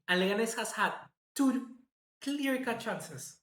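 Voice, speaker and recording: A man hosting live football match reaction commentary, chatty and excitable, reading out viewer comments. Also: sits high, slow pace. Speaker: football fan channel host. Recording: echoey room.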